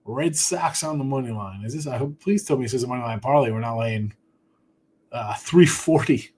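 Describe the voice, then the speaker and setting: A man's voice: mid-range voice, normal speed, a little mellow, slightly rough. A man hosting a sports betting podcast, chatting casually and reading viewer comments, tired after a short night. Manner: rambling, offhand, talks to chat by name. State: tired, yawning.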